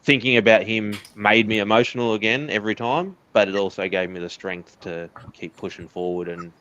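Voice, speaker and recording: A man's voice: on the low side, fairly even intonation, fairly quick, a bit bright, muffled recording, slight background noise. A man with an Australian accent, an interview guest candidly telling a personal story in casual conversation. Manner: candid, earnest storytelling with laughs.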